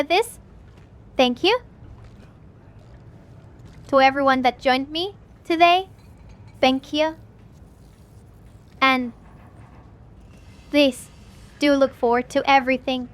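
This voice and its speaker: Woman streamer, very high voice, excitable and gushy, lots of restarts; casual stream sign-off. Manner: gushing, excitable, stumbling over her words. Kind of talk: livestream wrap-up chat.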